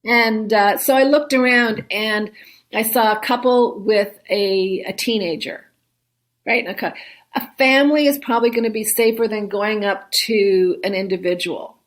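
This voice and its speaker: A woman's voice: medium pitch, normal speed. A woman guest in a conversational interview, chatty, often laughing and ending her points with "right?". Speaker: guest, solo travel expert.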